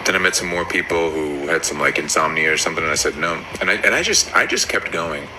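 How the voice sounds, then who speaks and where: A man with an extremely deep voice delivers a stand-up bit in a deadpan, bragging way. Clear background noise runs under the recording. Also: fast, hardly any pauses. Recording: noisy background.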